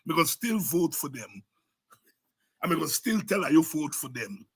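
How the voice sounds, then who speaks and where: A husky-voiced man with a Guyanese Creole accent hosts a political show and preaches his points with fire and repetition. His voice sits high and sounds piercingly bright and tense. He drifts in and out of Creole as he talks. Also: animated, moderate pace. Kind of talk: impassioned political commentary.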